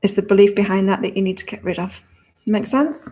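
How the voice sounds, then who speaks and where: A woman's voice: medium pitch, brisk, warm tone. Woman with a half-British, half-Australian accent. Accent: mix of British and Australian. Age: 50s. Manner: chatty, reading viewer comments aloud. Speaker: psychic reader hosting a live stream. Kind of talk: live-stream chat with tarot readings. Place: home in southern Thailand.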